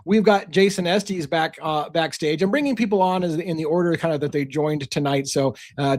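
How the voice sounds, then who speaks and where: A man's voice: a little high, darkish tone, no room sound, studio quality. A man hosting a casual livestream, chatty and rambling, laughing often. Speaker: livestream host.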